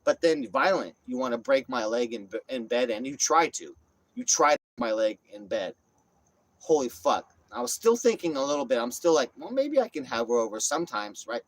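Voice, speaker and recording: A man vlogging, telling a rambling story full of cursing and lively retelling. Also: medium pitch, normal speed, dry recording, poor audio. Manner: rambling, profane, animated retelling. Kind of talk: casual storytelling.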